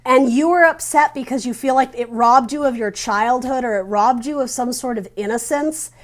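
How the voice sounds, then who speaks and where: A woman's voice: high-pitched, normal speed. A woman giving a casual spoken tarot reading. She speaks earnestly and straight to the viewer, thinking aloud and searching for her words. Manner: earnest, addresses the viewer directly. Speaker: tarot reader.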